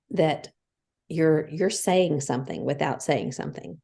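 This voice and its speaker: Low, gravelly woman in her fifties. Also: a little slow, dark tone. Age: 50s. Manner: earnest, explaining points one by one. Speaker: podcast co-host. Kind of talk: casual faith podcast chat.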